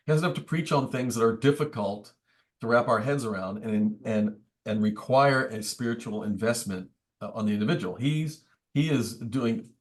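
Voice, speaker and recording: Man, priest, mid-range voice, book study teaching, thoughtful, wry. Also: medium pitch. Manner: thoughtful, explanatory, wry asides. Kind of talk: conversational teaching. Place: church meeting room.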